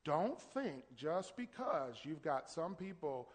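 A male pastor preaching a sermon in church, driving his points with rising, shouted emphasis and call-and-response. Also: a little high, very animated, slow. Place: church sanctuary. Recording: long hall reverb.

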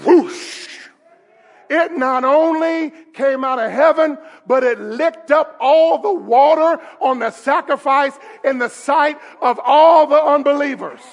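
A male pastor preaching a sermon in a church service, emphatic and rising to shouts with call-and-response. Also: very high voice, a little slow, hardly any pauses.

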